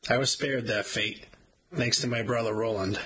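A man reading a first-person memoir aloud in a wry, measured storytelling manner. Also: mid-range voice, fairly even intonation, bright, forceful tone, slightly rough, poor audio. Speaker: audiobook narrator.

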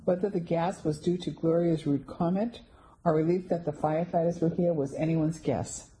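A woman reads a first-person story aloud in a steady, scripted manner. Her voice is low and mellow, with a calm storytelling pace. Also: normal speed, poor audio. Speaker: audiobook narrator.

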